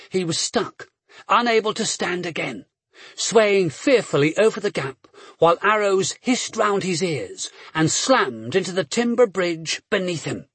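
A man reading an adventure novel aloud as a narrator, measured and steady, with brief voiced dialogue. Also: sits high, breathy edge, no echo. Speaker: audiobook narrator. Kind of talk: scripted narration.

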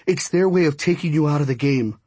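A man's voice: on the high side, a little fast, dark tone, breathy edge, no echo. A man narrating an audiobook, voicing a frightened, kind teenage girl who explains things hesitantly. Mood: worried.

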